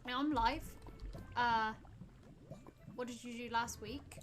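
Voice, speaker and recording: A woman streams a game live, bantering playfully with her viewers and teasing them with mock outrage while background music plays beneath her. Her voice is on the high side and a bit bright, with a steady tone and a slow pace.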